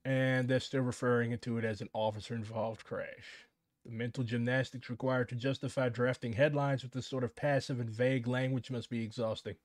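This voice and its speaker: A man's voice: medium pitch, darkish tone, no room sound, clean studio sound. A man giving casual live commentary on a news story, sardonic and swearing freely as he reads statements aloud.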